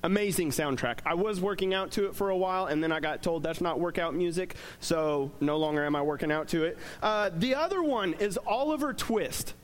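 A man's voice: high-pitched, a little fast, few pauses. A young man giving a casual, joking sermon as a pastor, talking conversationally with plenty of fillers.

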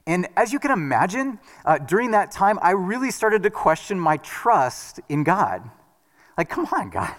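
Animated man preaching in a hall. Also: on the high side. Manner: earnest, animated storytelling with restarts. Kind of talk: sermon with personal story. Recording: reverberant hall.

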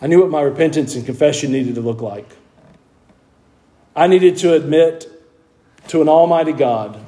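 A middle-aged man preaching a sermon in a homey, storytelling way. His voice sits slightly high for a man yet sounds dark and mellow. He stumbles over repeated words when he turns earnest. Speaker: pastor.

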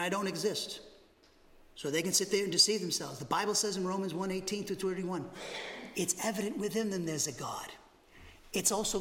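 A man preaching an expository sermon as pastor, talking in an animated, conversational way with frequent restarts. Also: sits high, big-room sound. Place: church sanctuary.

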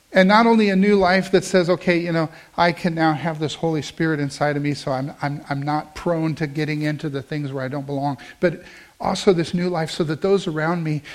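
A man preaching a sermon, telling a story and praying, dropping soft for calm quoted lines and rising when he prays. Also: fairly high pitch. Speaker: pastor. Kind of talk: sermon with closing prayer.

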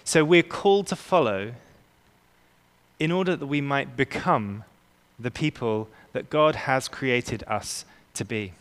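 A man preaching a sermon as pastor, earnest and emphatic, slowing down to stress key words. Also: medium pitch, expressive, clean tone. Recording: long reverb of a large hall.

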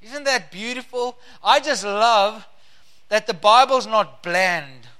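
Fervent bright-voiced preacher. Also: male voice, sits high, expressive. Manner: fervent, drawn-out emphasis on key words. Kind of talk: sermon with scripture reading.

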